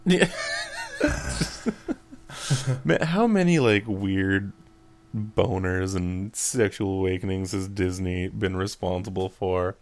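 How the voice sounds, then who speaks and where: A man's voice: low voice, measured pace, darkish tone. A young man co-hosting a podcast, rambling and making crude jokes with lots of fillers. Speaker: podcast co-host. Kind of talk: casual podcast chat.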